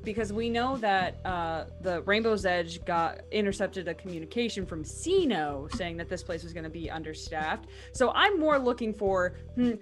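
A woman's voice: fairly low pitch, animated, normal speed, hardly any pauses, over music. A woman playing a tabletop role-playing game, talking in a rambling, playful way. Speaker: player. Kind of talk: casual tabletop game talk.

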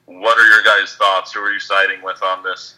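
Male co-host with a low, sharp, bright voice, recapping plainly with ums. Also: flat delivery, normal speed, poor audio. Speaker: podcast co-host. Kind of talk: casual sports podcast chat, reading tweets aloud.

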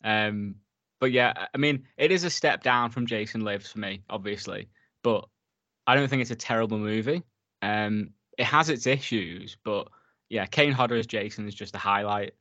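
A man co-hosting a casual film review podcast, talking in a relaxed way and laughing often. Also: on the low side, moderate pace, no echo, muffled recording. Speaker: podcast co-host.

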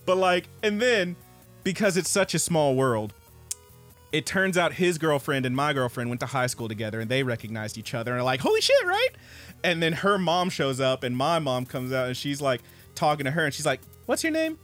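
A man's voice: medium pitch, fairly quick, fairly bright tone, faint music behind. A man co-hosting a podcast, telling a long story in a casual, profane way and acting out other people's lines. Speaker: podcast co-host.

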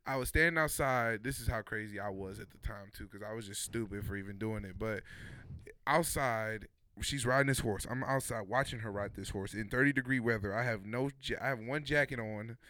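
Young man, smooth clear voice, animated casual storyteller. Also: fairly low pitch, fairly quick, dry recording. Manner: animated, laughing, acting out quotes.

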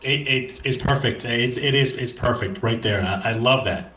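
A man's voice: medium pitch, normal speed, pushed and bright, echoey room, low-quality recording. A man hosting a casual conversation, enthusiastic and rambling, with frequent hesitations.

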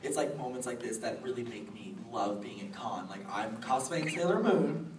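A woman's voice: rumbling low, expressive, normal speed. A woman in her late twenties chatting in a bubbly, giggly way as a guest on a convention panel. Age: late 20s. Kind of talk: casual panel chat. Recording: echoey room recorded from far off with noise.

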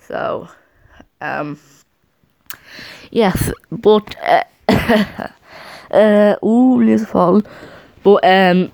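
A woman's voice: mid-range voice, extremely slow, vocal fry, pauses often, darkish tone. A young woman chatting casually to camera at home, rambling and often restarting her sentences. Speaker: vlogger.

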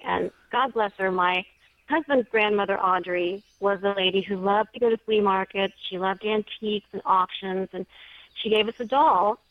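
A woman's voice: mid-range voice, no room sound. Chatty woman telling a strange story. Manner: chatty storyteller, many small restarts. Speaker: guest, paranormal story writer. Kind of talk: casual storytelling interview. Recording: dry, slightly dull lo-fi sound.

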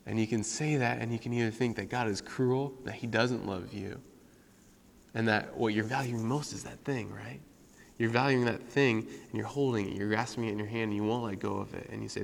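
A man giving an informal devotional talk, halting often with fillers as he tells a story. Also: on the low side, creaky, big-room sound. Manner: casual, halting with many fillers.

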